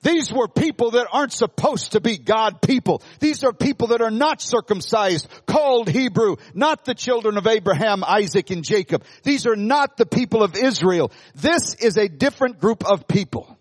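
A male pastor preaches in a high voice that swings widely in pitch. He talks to his congregation conversationally, throwing them questions. The sound carries the long reverb of a large hall. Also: expressive, moderate pace, few pauses. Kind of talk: sermon.

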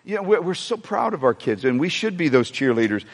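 A man delivers a sermon in a high, ringing voice, circling back over his words and calling out to the congregation. The sound carries a long reverb from a large church sanctuary. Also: a little fast. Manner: animated preaching with repetitions and asides to the congregation. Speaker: pastor.

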